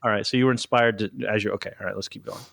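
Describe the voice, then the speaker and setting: A man hosting a podcast in casual chat, jokey and quick to react and tease. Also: lowish voice, fairly even intonation, gravelly, fairly bright tone, no echo, studio quality. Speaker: podcast host.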